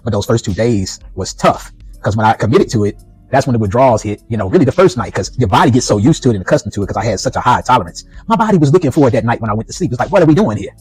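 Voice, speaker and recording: A man's voice: medium pitch, lively intonation, racing, a little mellow, slightly rough, soft background music, low-quality recording. A middle-aged man speaking in a conversational monologue about his own life, often adding "you know" and "right". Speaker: vlogger. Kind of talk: personal reflective monologue.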